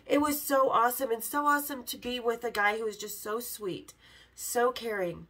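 A woman hosting a podcast, candidly telling a story with swearing and animated quoted lines. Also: a little high, moderate pace, poor audio. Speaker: podcast host. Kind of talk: casual storytelling.

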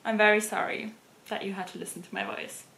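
A woman's voice: mid-range voice, fairly even intonation, fast, fairly bright tone. A woman with a German accent chatting casually to camera as a fashion vlogger, laughing often. German is her first language. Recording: roomy echoey room.

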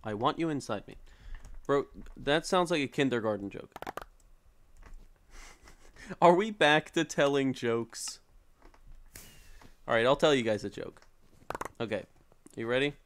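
A man's voice: medium pitch, measured pace, pauses often, slight background noise. A young man live-streaming a video game, chatting and joking casually with viewers, yelping and pleading when he is in trouble. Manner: jokey, playful, yelps and pleads when in danger. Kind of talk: casual live-stream chat while gaming.

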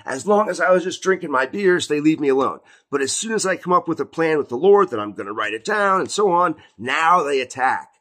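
Husky man in his thirties telling a story. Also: on the high side, animated, brisk, hardly any pauses, a bit bright. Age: 30s. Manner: rambling, repeats fillers like "like" and "you know". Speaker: Christian video host. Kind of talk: casual spoken testimony.

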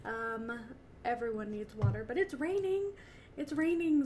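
A woman's voice: fairly high pitch, lively intonation, unhurried, a little mellow, a little hiss or hum. A young woman commenting on her game as she plays, emotional and laughing often, talking to her characters. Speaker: gaming channel host. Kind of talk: let's-play commentary.

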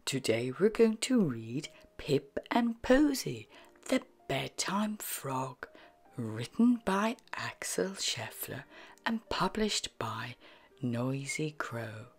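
Breathy, whispery woman storyteller. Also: a bass voice, sing-song, takes it slowly, soft background music. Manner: soft, half-whispered, sing-song reading. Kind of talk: children's bedtime story read-aloud.

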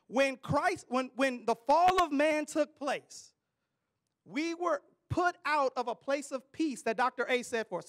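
A man preaching a sermon to a live audience, using call-and-response and building up to loud declarations. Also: extremely high pitch. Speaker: preacher and ministry leader.

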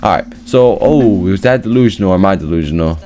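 A young man doing casual gameplay commentary as a gaming YouTuber, joking to himself and then breaking into loud, excited yelling. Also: low-pitched, fast talker, noisy background.

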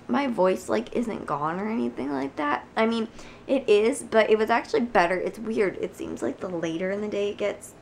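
A young woman vlogging casually at home, hoarse from a cold and chatting with lots of fillers. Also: mid-range voice, slight background noise. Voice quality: gravelly. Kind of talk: casual chat to camera.

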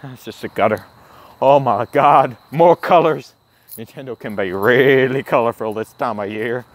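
A man doing a comedic walking vlog outdoors, gasping and swearing in awestruck excitement. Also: medium pitch, moderate pace. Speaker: comedic vlogger in character. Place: outdoors, walking around a campus. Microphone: handheld camera.

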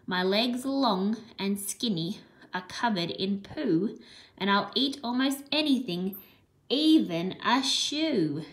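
A woman's voice: mid-range voice, expressive, takes it slowly. A woman reading aloud as a grouchy male marabou stork describing himself in rhyme.

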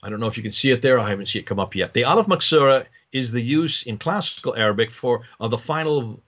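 A man's voice: medium pitch, animated, fast talker, fairly bright tone. Man lecturing from slides, lo-fi sound. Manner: explanatory, rhetorical questions, many restarts.

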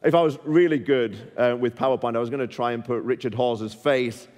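A man preaching a sermon in a church, emphatic, asking the congregation direct questions and building to forceful peaks. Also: medium pitch, brisk, big-room sound.

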